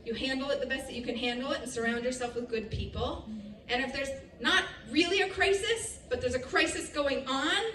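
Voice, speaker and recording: Picture a woman with a high voice, heard a little way off in an echoey festival venue with faint ambience. She tells a lively story to the audience, laughing often and quoting other people in her own voice. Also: a little fast, distant mic, a little hiss or hum. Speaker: speaker giving a festival talk. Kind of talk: storytelling talk to a live audience. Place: festival stage.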